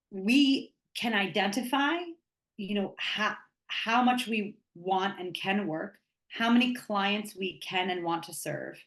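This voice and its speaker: A woman hosts an interview podcast, posing long, thoughtful questions with plenty of "you know" and "like". Her voice is mid-pitched, and the recording carries a noticeable room echo around her. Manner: thoughtful, rambling questions with many fillers. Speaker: podcast host. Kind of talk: conversational interview.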